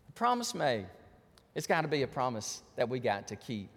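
A man's voice: a little high, big pitch swings, quick pace, fairly bright tone, long reverb tail. A man preaching a sermon as pastor, telling stories animatedly and acting out the voices of the people in them.

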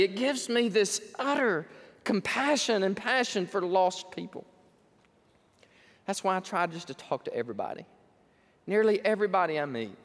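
A man preaching an impassioned sermon as pastor, swinging from loud to hushed. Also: high voice, long reverb tail. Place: church sanctuary.

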